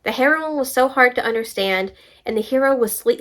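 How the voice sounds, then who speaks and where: A young woman book vlogger reading reviews aloud and talking back to them in an animated, exasperated way. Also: fairly high pitch, fairly quick. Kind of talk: casual reaction vlog, reading reviews aloud.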